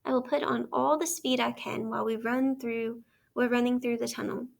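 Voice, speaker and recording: A kindly but stern train engine driver talks in a steady, plainspoken way in a storybook read-aloud, as a woman reads his part. The voice sits fairly high and has a heavy gravelly grain. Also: normal speed. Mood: urgent.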